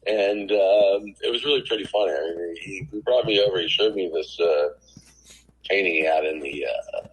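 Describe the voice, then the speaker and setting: A middle-aged man, a TV producer, telling lively anecdotes as a guest on a podcast. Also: low voice, normal speed, breathy edge, poor audio. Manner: animated anecdotes with acted quotes. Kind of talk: casual storytelling in a podcast interview.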